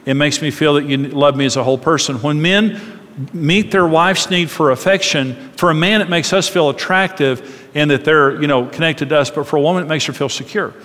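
A middle-aged man with a fairly high voice speaks in a sermon-style marriage talk. He is animated and acts out little voices in his stories. The sound carries a long reverb from a large hall. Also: brisk.

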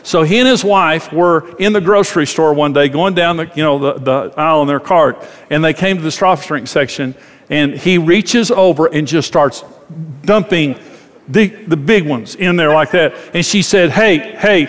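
A man's voice: on the high side, normal speed, long reverb tail. A man preaching a sermon as a pastor, talking conversationally, acting out quoted voices and repeating phrases.

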